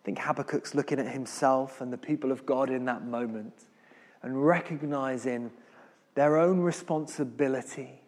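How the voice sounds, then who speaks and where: A man preaching a sermon, reading scripture and then explaining it, with deliberate delivery that rises and falls in volume. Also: medium pitch. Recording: long hall reverb.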